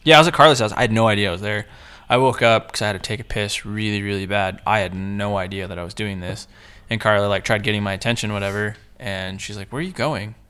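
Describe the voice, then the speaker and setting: A man's voice: on the low side, steady tone, fast, pushed and bright, clear, resonant tone. A man chatting casually with friends on a podcast, telling a rambling, profane story full of quoted asides. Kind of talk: casual chat among friends.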